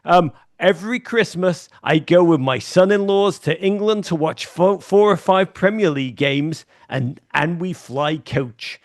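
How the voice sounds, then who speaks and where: A man imitating a gruff older male TV newsman who rants indignantly. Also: high-pitched, unhurried, few pauses. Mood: boastful.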